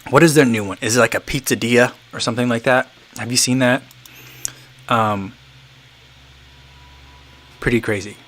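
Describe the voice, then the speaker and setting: A man's voice: medium pitch, moderate pace, long pauses, fairly bright tone. A man in his thirties hosting a casual livestream, chatting loosely and reading viewer comments, rambling with many fillers and restarts. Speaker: livestream host.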